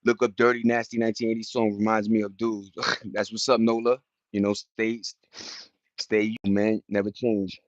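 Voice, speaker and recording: A man's voice: fairly low pitch, level tone, normal speed, no room sound, highs cut off. New York man chatting on a livestream. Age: 40s. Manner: streetwise slang, greeting chat viewers by name. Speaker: livestream host. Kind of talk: casual livestream chat.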